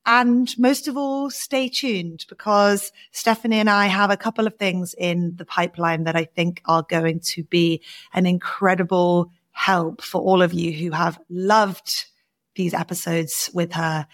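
A woman hosting a podcast, speaking with warm, effusive gratitude toward her guest. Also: on the low side, fairly even intonation, measured pace. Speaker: podcast host. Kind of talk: podcast conversation.

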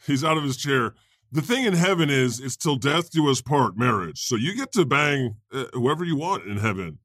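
A man's voice: mid-range voice, animated, normal speed, fairly bright tone, no room sound, studio quality. A man playing God as a casual, bickering host of heaven who laughs easily, in an improv comedy podcast. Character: flustered casual male God hosting heaven.

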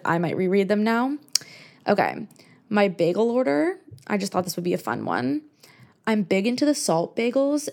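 A woman's voice: mid-range voice, darkish tone. A young American woman in her twenties hosting a podcast, chatting casually on her own and filling her talk with "like". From United States. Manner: chatty, many "like" fillers. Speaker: podcast host. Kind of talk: casual solo chat.

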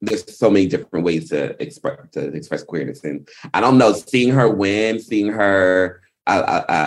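Very low-voiced man, rambling co-host. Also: moderate pace, few pauses. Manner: rambling, restarts, earnest. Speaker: podcast co-host. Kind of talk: casual podcast chat.

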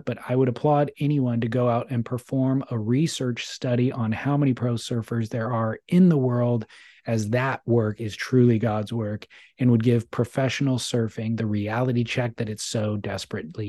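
Podcast co-host, man, wry and joking, mellow voice, dry room sound. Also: medium pitch, steady tone, moderate pace, no echo. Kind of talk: casual chat, reading listener mail.

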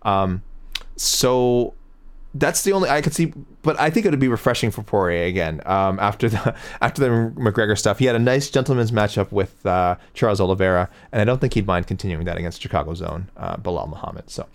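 A man with a slightly low voice hosts a fight talk show and reads through viewer picks. He rambles, corrects himself as he goes and chuckles along the way. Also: lively intonation, a little fast. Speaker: MMA show host reading viewer picks. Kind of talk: casual chat.

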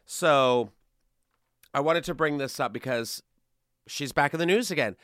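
A man's voice: a little high, unhurried, fairly bright tone, dry recording, studio quality. A man hosting a comedy news podcast, chatting casually and sarcastically, often breaking into laughter. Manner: sarcastic, laughing, mocking voices. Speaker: podcast host.

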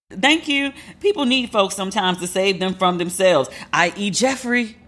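A woman's voice: mid-range voice, animated, normal speed, a bit bright. A woman in her forties hosting a casual solo podcast, talking animatedly and acting out what people said in different voices. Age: 40s. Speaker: podcast host.

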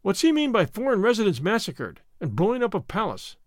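A man voicing a calm, businesslike male telegraph operator in a storybook reading. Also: high voice, brisk, no room sound, studio quality. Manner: steady, matter-of-fact reading out.

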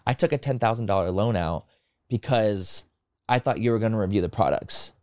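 A man co-hosting a podcast, retelling online drama in rapid, animated bursts and acting out quoted people. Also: fairly low pitch, no echo, clean studio sound. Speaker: podcast co-host. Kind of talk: casual gossip chat.

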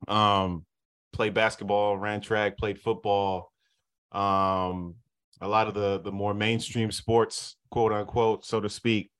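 Sports reporter guest, male, 30s, from Southern California; laid-back storyteller, slightly low voice. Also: slow, smooth. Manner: relaxed, easygoing storytelling. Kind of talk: casual podcast chat.

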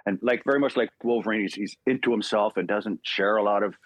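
An older man from Ontario, Canada, guesting on an interview show and telling stories with lively acted-out dialogue and frequent laughs. His voice is lowish and husky. The sound is dry and close. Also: quick pace, no echo. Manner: animated, acts out dialogue, laughs often. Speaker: guest voice actor. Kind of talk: podcast interview storytelling.

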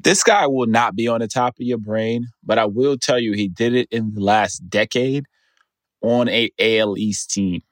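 Low-voiced, low-key radio producer. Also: male voice, normal speed, no echo. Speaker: show producer giving trivia hints. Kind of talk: casual sports talk.

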